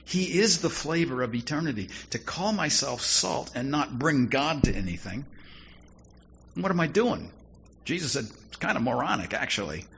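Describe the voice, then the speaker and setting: A man's voice: medium pitch, big pitch swings, moderate pace, gravelly, fairly bright tone. A man preaching a sermon in a conversational style, with wry asides and rising emphasis. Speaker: pastor. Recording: dull lo-fi sound with faint noise.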